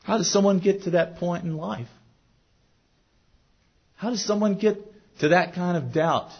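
A fairly high-voiced man preaching a sermon in a church sanctuary. He speaks earnestly and keeps putting questions to the congregation. The recording is dull and lo-fi. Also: a little slow, creaky, husky. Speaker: pastor.

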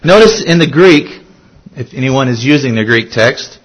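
A man's voice: medium pitch, expressive, normal speed, low-quality recording. A man preaching a sermon as pastor, earnest, asking his listeners questions and repeating key phrases for emphasis.

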